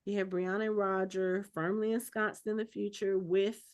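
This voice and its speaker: A woman's voice: mid-range voice, flat delivery, moderate pace, darkish tone, clear, resonant tone. Chatty woman podcast host. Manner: chatty and rambling, laughs often. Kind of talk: casual TV show recap chat.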